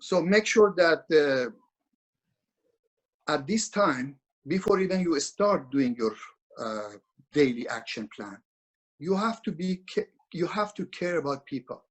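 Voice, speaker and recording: A man's voice: on the high side, expressive, a little slow, rough recording. A man speaking as a webinar presenter over a video call, instructing in an earnest, repetitive way with frequent restarts.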